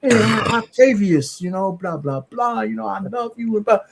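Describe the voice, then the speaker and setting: Podcast co-host, male, high voice, expressive anecdote teller, loose and profane. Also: normal speed, vocal fry, background noise. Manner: animated storyteller, swears freely. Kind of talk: casual chat.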